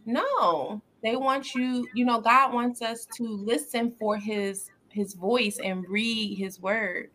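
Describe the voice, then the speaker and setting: Brief: upbeat woman podcast host, bright tone, earnest faith chat, quick laughs. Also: on the high side, fairly even intonation. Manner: upbeat, earnest, laughs often, many fillers.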